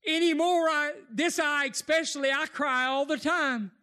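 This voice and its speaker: A preacher, a man with a strikingly high and bright voice, delivers an impassioned sermon. He rises into shouts and tearful cries as he builds. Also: steady tone, normal speed.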